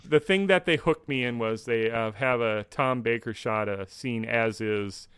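An American man co-hosting a podcast, talking in casual chat, thoughtful and halting. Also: medium pitch, fairly bright tone, smooth, no echo. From United States. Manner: thoughtful, halting, restarts mid-sentence. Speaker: podcast co-host.

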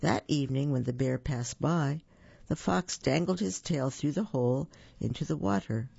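A man reads children's stories aloud in a friendly way, correcting his own slips. His voice is gravelly, husky and dry, on a dull, lo-fi recording. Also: mid-range voice, moderate pace, a little mellow, dry recording. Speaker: storyteller. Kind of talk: reading storybooks aloud for children.

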